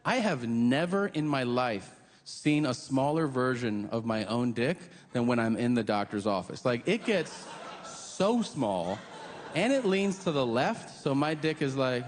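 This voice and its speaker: A man's voice: mid-range voice, lively intonation, measured pace, long reverb tail, a little hiss or hum. A man doing a stand-up comedy routine in a profane, confessional, conversational way.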